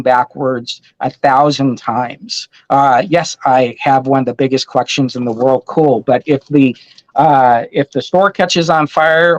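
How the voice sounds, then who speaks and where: A man in his fifties, a comic store owner guest, telling a story in an animated, excited way over a call. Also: medium pitch, no room sound, highs cut off. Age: 50s. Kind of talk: casual storytelling.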